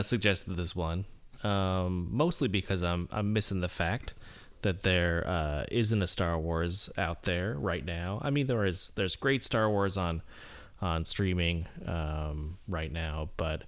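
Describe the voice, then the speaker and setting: A man's voice: deep voice, a bit bright. A man co-hosting a podcast in casual chat, rambling and self-mocking with many fillers. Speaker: podcast co-host.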